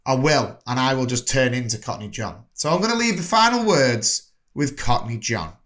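A man's voice: medium pitch, animated, moderate pace, a bit bright. A man hosting a movie podcast, wrapping up the episode in an enthusiastic, chatty, jokey way. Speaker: podcast host. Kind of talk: casual podcast sign-off.

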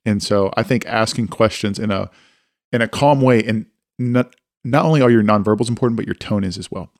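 A man speaks candidly and pokes fun at himself, with a fairly low voice. He tells stories from home in a plain, unhurried way. The sound is dry, right on the mic. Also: no echo. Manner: candid, self-deprecating, anecdotal. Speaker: co-host and father. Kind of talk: casual faith-based discussion.

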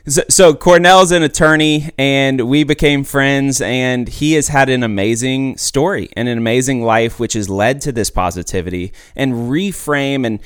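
A man hosting a podcast, talking in an energetic, emphatic, chatty way. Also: medium pitch, normal speed, hardly any pauses, smooth, no echo, studio quality. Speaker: podcast host. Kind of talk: casual podcast chat.

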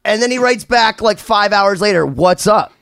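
A man's voice: sits high, normal speed, gravelly, smooth. A man hosting a podcast in casual chat, telling stories with jokes and plenty of swearing. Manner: animated storyteller, swears freely, jokey tangents. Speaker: podcast host.

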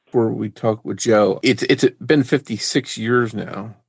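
A man hosting a podcast interview and asking gentle, sympathetic questions. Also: fairly low pitch, a little slow, vocal fry, breathy edge, no room sound, clean studio sound. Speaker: podcast host.

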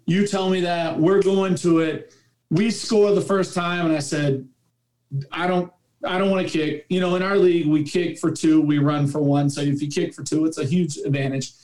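A man's voice: a little high, fairly even intonation, normal speed, a little mellow. A man who coaches youth football, chatting on a podcast panel and telling a story with heartfelt emphasis. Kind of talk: casual roundtable chat.

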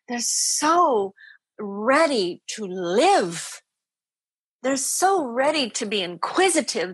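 Woman guest on a podcast, kinda husky and a bit high, dry close sound, keeps repeating stuff for emphasis. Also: fairly bright tone, dry recording. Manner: earnest, emphatic, repeats phrases. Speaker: guest, spiritual teacher. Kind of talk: podcast interview.

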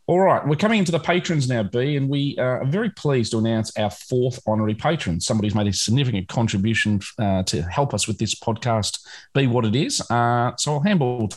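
A man's voice: mid-range voice, a little fast. A man co-hosting a podcast in casual chat, joking and laughing as he talks. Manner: jokey, laughs often. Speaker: podcast co-host.

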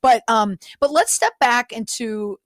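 A woman's voice: on the high side, lively intonation, a little slow, dry recording, clean studio sound. A woman in her forties hosting an interview, asking questions and affirming often. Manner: engaged, asks questions, frequent affirmations. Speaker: host. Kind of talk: interview conversation.

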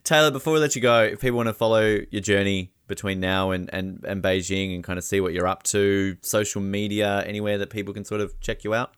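A man's voice: on the low side, little pitch movement, brisk, few pauses, a bit bright, clear, resonant tone, no echo, clean studio sound. Chatty man hosting an interview. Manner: chatty, jokey, says "mate". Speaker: interview host. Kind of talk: casual interview chat.

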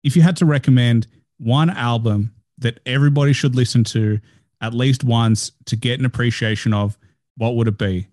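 A man of medium pitch hosts a podcast interview. He speaks in a relaxed, frank way with the odd swear word, and the sound is dry, with no room sound at all. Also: moderate pace, dry recording. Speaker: podcast host. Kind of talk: casual interview talk.

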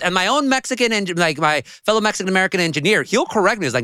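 A man whose first language was Spanish, a journalist guest telling stories in casual, profane, animated chat. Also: high voice, very fast, hardly any pauses, clean tone, dry recording.

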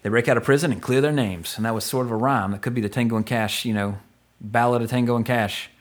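A man's voice: mid-range voice, steady tone. Chatty middle-aged male podcast host. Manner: chatty, rambling, swears casually, quick asides. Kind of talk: casual movie review chat.

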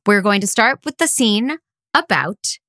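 A woman's voice: medium pitch, expressive, a little slow, a bit bright, no echo, studio quality. A woman co-hosting a comedy podcast over a video call, explaining improv games in a wry, playful way. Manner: wry, game-leading, playful. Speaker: podcast co-host. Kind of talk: casual comedic chat.

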